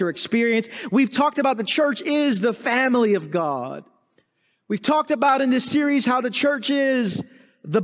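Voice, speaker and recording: A male pastor with a strikingly high voice delivers his sermon at an unhurried, measured pace. He leans on repeated rhetorical questions and emphatic phrasing. The sound carries a long, reverberant hall tail. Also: a bit bright.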